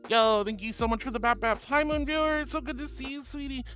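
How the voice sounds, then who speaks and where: A woman's voice: high voice, fast, a bit bright, faint music behind. A woman streaming live, chatting casually with viewers in a bubbly, giggly way, calling them honey and sweetie.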